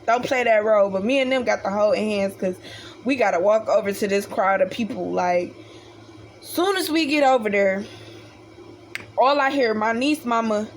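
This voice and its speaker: A woman's voice: mid-range voice, moderate pace, long pauses, a little hiss or hum. A young woman telling a childhood story in a casual, profane storytime style, acting out the voices of her family. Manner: animated, profane, acts out the voices of family members.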